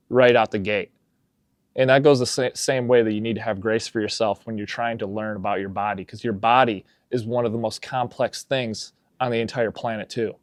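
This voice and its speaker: A young man coaching on fitness in casual podcast chat, telling stories with animated energy and getting loud when excited. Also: medium pitch, dry recording, studio quality.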